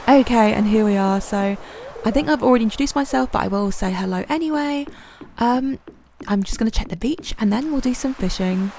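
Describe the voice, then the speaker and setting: A woman's voice: on the high side, fairly quick, gravelly, a little hiss or hum. A woman giving chatty, self-deprecating commentary over her gameplay, with plenty of ums. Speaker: gaming channel host. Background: soft game music.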